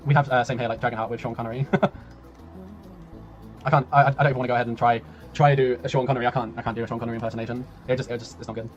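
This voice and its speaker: A man casting a strategy game tournament on a live stream, chatty and laughing, with a tiring voice that he keeps clearing. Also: medium pitch, steady tone, fast, highs cut off, faint music behind. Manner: chatty, laughing, rambling, swears, reads chat aloud. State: voice tiring, clearing throat often. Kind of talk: casual live-stream commentary.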